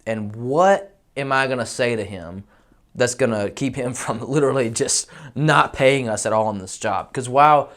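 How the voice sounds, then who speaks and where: A man's voice: medium pitch, normal speed. Candid man telling a story. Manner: candid, animated, self-deprecating. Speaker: roofing company owner. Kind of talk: casual storytelling.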